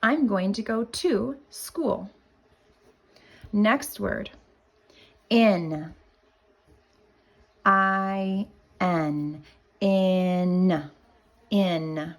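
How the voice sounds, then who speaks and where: A woman teaching kindergarten sight words, spelling each one out letter by letter in a deliberate, drawn-out way. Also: medium pitch. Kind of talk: slow spelling lesson for young children.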